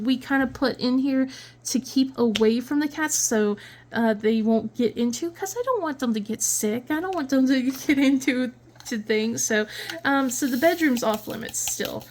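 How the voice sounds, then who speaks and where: A woman's voice: high voice, a little mellow. A woman hosting a crafting channel, chatting casually and rambling, laughing often. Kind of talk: casual chat.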